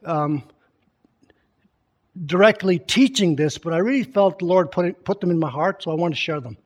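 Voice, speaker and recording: A man preaching in a conversational teaching style, reading scripture aloud with emphasis and often quizzing his listeners with questions. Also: high-pitched. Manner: keeps quizzing the congregation with questions.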